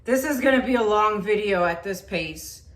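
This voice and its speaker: While painting, a woman who makes acrylic pour videos chats casually with herself and her audience, frequently frustrated and drifting off mid-thought. She speaks at a medium pitch and moderate pace, captured with a roomy echo and faint background noise.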